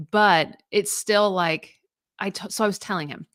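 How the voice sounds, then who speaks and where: This woman in her thirties has a lowish voice, pushed and bright, at normal speed as she co-hosts a podcast. Her casual chat rambles with frequent fillers and restarts, and the clean studio sound carries no echo.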